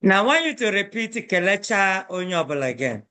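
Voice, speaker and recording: A woman's voice: medium pitch, big pitch swings, quick pace, bright, forceful tone. A woman teaching a language class, patiently correcting students' pronunciation and modeling words with emphasis.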